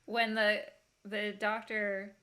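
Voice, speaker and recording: Bright-voiced woman, podcast guest. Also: medium pitch, takes it slowly. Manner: animated, laughs while talking, acts out quotes. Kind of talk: casual chat.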